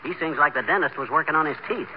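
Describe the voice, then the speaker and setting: A man's voice: on the high side, fast talker, lightly acted. A man playing a brash, wisecracking small-town braggart. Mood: scornful. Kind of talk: 1940s radio comedy acting. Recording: dull, hissy 1940s radio broadcast.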